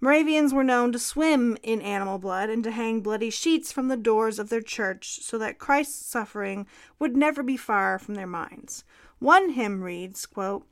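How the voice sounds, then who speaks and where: Woman, history podcast co-host, scripted narration, fairly high voice, dry humor. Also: a little slow.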